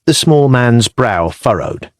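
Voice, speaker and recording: A man reading a historical audiobook in measured, descriptive storytelling, recorded on a close studio mic. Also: medium pitch, expressive, no room sound. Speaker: audiobook narrator. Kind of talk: scripted narration.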